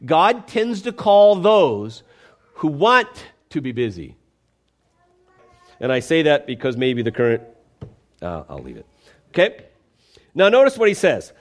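A man's voice: a little high, big pitch swings, a little slow, long pauses. A man preaching a conversational, emphatic sermon, often checking in with the congregation.

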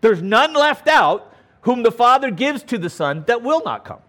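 A man's voice: very high-pitched, sing-song, normal speed, bright, forceful tone. A man teaching a Bible passage verse by verse, stressing words by repeating them and checking in with "okay?".

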